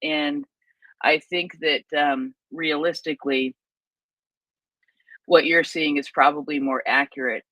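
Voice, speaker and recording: Co-host, mid-pitched, conversational retelling with fillers, dry close recording. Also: animated, slow, vocal fry, long pauses, bright, forceful tone, dry recording, rough recording. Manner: conversational, retelling what others said, many fillers. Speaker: co-host of live audio chat. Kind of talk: casual live audio chat.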